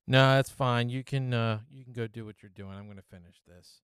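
A man's voice: mid-range voice, steady tone, brisk, fairly bright tone, smooth, dry recording, studio quality, natural voice. A man voicing a mild, polite fellow who mumbles and trails off.

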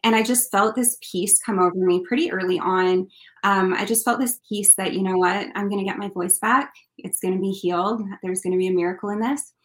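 A woman's voice: medium pitch, a bit bright, echoey room, rough recording. A woman from Canada, a country singer and interview guest, telling a personal story in an earnest, heartfelt way.

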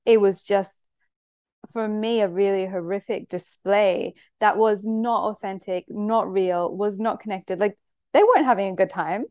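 A woman hosting a podcast, talking in an animated, candid way and not shy of blunt words. Her voice sits in a middle register and sounds close and dry, with no room echo. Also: mid-range voice, measured pace. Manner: animated, candid storytelling with frank language. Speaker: podcast host. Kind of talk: conversational podcast interview.

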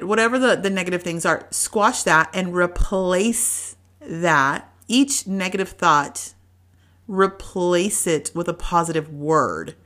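Woman, forties, podcast host with a slightly low voice, a chatty and encouraging pep talk. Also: slow, fairly bright tone. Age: 40s. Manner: chatty, encouraging, many fillers and restarts. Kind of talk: motivational solo podcast talk.

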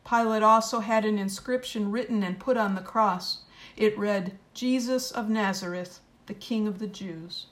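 A woman reads scripture in a measured, solemn liturgical style. Her pitch sits in the middle of the range for a woman, and her delivery stays steady and unhurried. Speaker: scripture reader. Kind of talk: liturgical reading.

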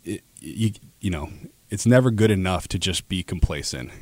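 This casual radio interview features a guest in his thirties from Alaska who sells advertising and talks earnestly about it, often using fillers and restarting sentences. His voice sits low at a moderate pace, and there is no room sound.

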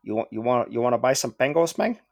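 A man's voice: medium pitch, very animated, quick pace, vocal fry, no room sound, studio quality. A man voicing a shady male researcher hawking pangolins in a trench coat, in a mock Cuban accent with pushy street-hustler patter. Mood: hustling.

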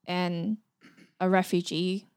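A woman's voice: on the low side, level tone, slow pace, darkish tone, smooth. A woman chatting casually as a guest, hesitant and full of "um" and "like". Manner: hesitant, lots of "um" and "like". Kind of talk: casual chat.

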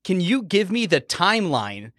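A man's voice: high voice, sing-song, moderate pace, fairly bright tone, no room sound, clean studio sound. A man co-hosting a casual podcast chat, teasing and quizzing the guest. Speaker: podcast co-host.

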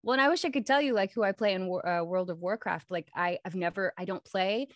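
A woman voice actress chatting as an interview guest, lively and full of restarts and fillers. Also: medium pitch, quick pace, no echo, clean studio sound. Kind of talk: casual interview chat.

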